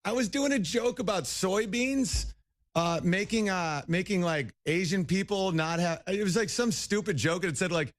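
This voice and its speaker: A man's voice: high voice, normal speed. A man who is a comedian, guest on a talk show, chatting loosely with rambling, laughing asides. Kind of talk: casual interview chat.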